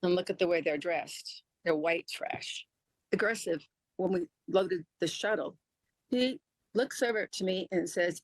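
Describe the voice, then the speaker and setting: A woman giving her side of an incident in an interview, halting and indignant. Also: lowish voice, no room sound, low-quality recording.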